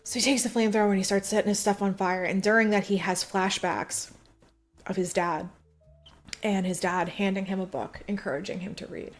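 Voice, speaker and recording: Woman, podcast co-host, casual movie recap, lively storytelling, quoted voices. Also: mid-range voice, a little fast, soft background music. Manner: animated retelling with quoted voices and laughs.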